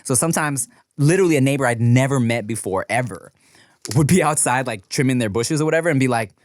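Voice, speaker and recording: A man's voice: medium pitch, fast talker. A man co-hosting a food podcast in casual chat, telling stories with lots of swearing and acted-out quotes. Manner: animated storytelling, swears a lot, acts out quotes. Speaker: podcast co-host.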